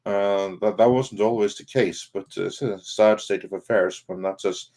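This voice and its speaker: A man's voice: fairly low pitch, steady tone, normal speed, darkish tone. A man co-hosting a live online talk show, chatting in an agreeable, reflective way with trailing asides. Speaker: podcast co-host. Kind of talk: casual live-stream chat.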